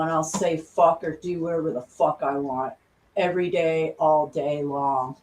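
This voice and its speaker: A woman's voice: sits low, a little slow, darkish tone. A woman vlogger ranting angrily, swearing constantly and repeating herself. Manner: furious, swearing constantly, repetitive. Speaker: conspiracy vlogger. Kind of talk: angry profane rant.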